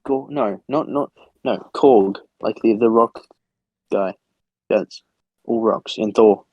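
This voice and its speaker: A young man co-hosting a casual podcast, teasing his friend in a quick, chatty way. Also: lowish voice, dark tone, dry recording, muffled recording. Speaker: podcast co-host. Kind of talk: casual chat.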